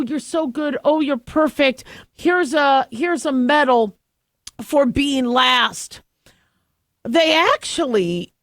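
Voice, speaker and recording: A middle-aged woman hosting a radio talk show, chatting in a rambling, animated way with many fillers and restarts. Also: fairly high pitch, no echo, clean studio sound. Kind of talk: casual radio monologue. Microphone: studio microphone.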